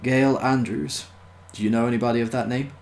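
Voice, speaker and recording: A man reading aloud voices a slow, fussy male hotel receptionist in a storybook reading. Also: medium pitch, steady tone, vocal fry, a little mellow, a little hiss or hum, natural voice. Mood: plodding helpful. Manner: plodding, repeats himself.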